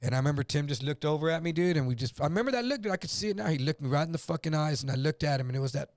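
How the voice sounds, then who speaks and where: A man's voice: a little high, lively intonation, racing, a little mellow, no room sound, clean studio sound. A man from El Paso telling a story as a guest, acting out other people's voices and swearing freely. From El Paso, Texas. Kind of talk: casual storytelling on a livestream.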